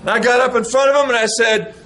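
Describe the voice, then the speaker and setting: High-voiced middle-aged man telling stories. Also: fast talker, rough recording. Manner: animated, acts out quoted dialogue. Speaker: speaker addressing veterans. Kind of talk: storytelling speech to an audience.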